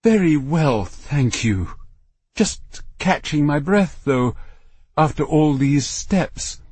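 A man's voice: on the high side, animated, takes it slowly, a little mellow, breathy edge, no room sound, pitched above the performer's own voice, full character voice. A man voicing an irritable mother who speaks with a sugary, clipped politeness. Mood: needling. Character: irritable suburban mother, tight-lipped.

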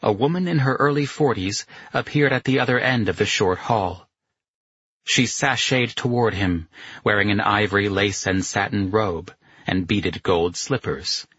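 A man reading a novel aloud as narrator, measured and even. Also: on the low side, slightly rough, dry recording. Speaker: audiobook narrator. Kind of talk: scripted narration. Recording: dull dry lo-fi recording.

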